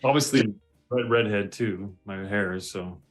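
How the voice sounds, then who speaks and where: Young Californian man, interview guest over a call, hesitant and halting, light music under the voice. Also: lowish voice. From United States. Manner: hesitant, halting, many ums and restarts. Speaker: guest, model.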